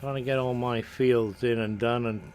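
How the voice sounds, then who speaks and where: A man's voice: medium pitch, steady tone, moderate pace, darkish tone, a little hiss or hum, low-quality recording. A Scottish man giving casual live commentary while playing a game, jokey and laughing at his own mistakes, chatting to viewers. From Scotland. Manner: chatty, jokey, laughs at himself, hums along. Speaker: game streamer.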